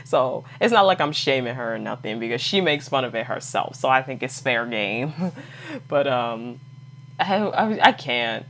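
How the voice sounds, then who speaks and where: A woman with an unusually deep, low voice hosts a casual solo podcast. She talks bluntly and swears freely, laughing often as she rants and throws in lively asides. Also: normal speed, slight background noise. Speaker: podcast host.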